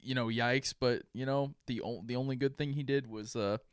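A man co-hosting a podcast, animated and profane, often acting out what people said. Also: medium pitch, normal speed, clean tone, dry recording, studio quality. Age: 20s. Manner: animated, swears a lot, acts out quotes. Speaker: podcast co-host. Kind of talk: casual comedic chat.

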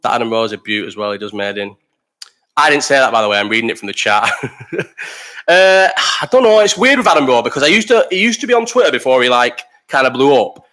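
A man's voice: medium pitch, big pitch swings, fast, bright, forceful tone. A young man with a Bolton accent hosting a casual live stream chat, blunt, sweary and opinionated, jumping from topic to topic. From Bolton, England.

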